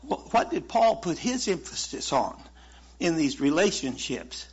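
Folksy male preacher, husky voice. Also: fairly high pitch, sing-song, measured pace. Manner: folksy, conversational preaching with chuckles. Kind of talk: sermon. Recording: muffled lo-fi sermon recording.

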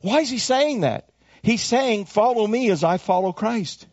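A man preaching a sermon as pastor, swinging from high emphatic calls down to low hushed asides. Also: very animated, moderate pace, no echo, muffled recording.

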